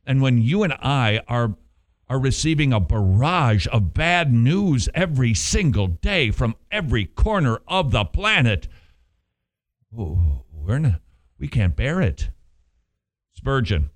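A man preaching a sermon, animated, with rhetorical questions and playful asides. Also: medium pitch, takes it slowly. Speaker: pastor.

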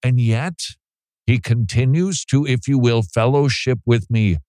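A man's voice: mid-range voice, measured pace, mellow, no room sound. A man hosting a radio program, talking in a casual, joking way and laughing often. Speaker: radio host.

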